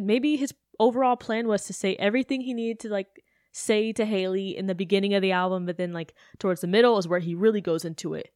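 A woman's voice: mid-range voice, fairly quick, a little mellow, clear, resonant tone, no echo, studio quality. A young adult woman hosting a podcast, ranting in a chatty, sarcastic way with self-questioning asides. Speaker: podcast host. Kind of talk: casual podcast rant.

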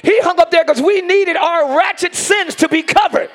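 A hoarse man preaching a shouted sermon as pastor, hollering in rhythmic repeated phrases and calling out to the congregation, recorded live in a large church. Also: extremely high pitch, normal speed. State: hoarse from screaming. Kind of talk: shouted Pentecostal-style sermon. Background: church band music.

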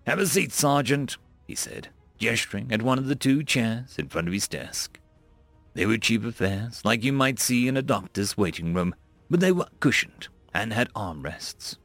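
A man reads a story aloud, with wry, playful asides. His voice is gravelly and his pitch rises and falls freely. The sound is dry and close, with faint music behind. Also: sing-song, normal speed, a bit bright, dry recording. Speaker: audiobook narrator. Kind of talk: scripted story narration.

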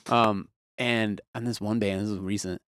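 A talkative man with a fairly low voice and a candid, easygoing way of speaking. He tells lively stories about his work as a production manager and drops in the odd swear word. The sound is dry and close, with no room echo. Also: normal speed, clean tone. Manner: chatty, candid, animated storyteller with casual swearing. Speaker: production manager at a music venue. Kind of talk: casual interview conversation.

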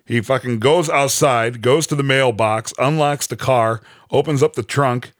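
A man's voice: mid-range voice, normal speed, no room sound, clean studio sound. A man co-hosting a podcast, recapping a TV episode in loose, profane casual chat full of fillers. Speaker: podcast co-host.

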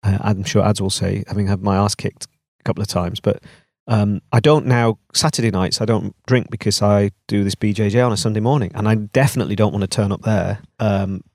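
A middle-aged man co-hosting a podcast, talking in a candid, relaxed and self-deprecating way. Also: fairly low pitch, brisk, dry recording, clean studio sound. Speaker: podcast co-host. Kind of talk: casual podcast chat.

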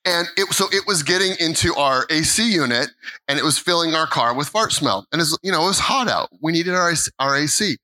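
A man's voice: a little high, animated, fairly quick, pushed and bright, rough recording. A middle-aged male pastor telling a funny family story in a sermon, acting out voices and laughing along. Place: church stage.

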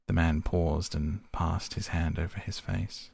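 Deep gravelly male audiobook narrator. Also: steady tone, a little slow, few pauses, a little mellow, no room sound. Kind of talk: classic novel narration.

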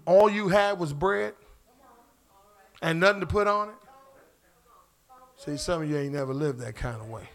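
A man's voice: sits high, fairly bright tone. A pastor preaching a sermon in church, casual and slangy, asking the congregation questions as he goes. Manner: call-and-response preaching, asks the crowd questions.

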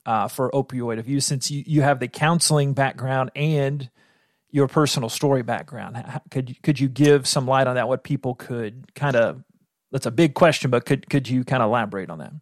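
A man's voice: medium pitch, fairly quick, no echo. A man in a mid-range voice hosts the show, asking his guest a long, careful question. He stumbles and restarts as he works out the wording. The sound is dry and close. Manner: hesitant, stumbling over phrasing. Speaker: podcast host. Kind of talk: interview questions.

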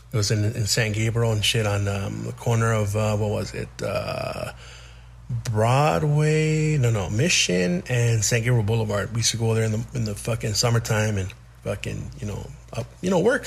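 A man's voice: medium pitch, gravelly, breathy edge. A man in his forties, hosting a podcast, tells his childhood story unscripted, swearing a lot and restarting his sentences. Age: 40s. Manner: profane, rambling, frequent restarts. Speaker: podcast host.

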